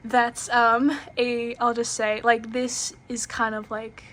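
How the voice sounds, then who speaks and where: A woman's voice: fairly high pitch, level tone, slow pace, fairly bright tone, a little hiss or hum. A young woman casually reviewing a tarot deck, chatty and giggly, with lots of fillers and restarts.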